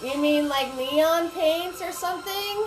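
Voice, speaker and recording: Slow, chatty woman teaching a paint party. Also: extremely high pitch, rough recording. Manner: chatty, greets viewers by name. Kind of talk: live-stream painting class. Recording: faint music behind.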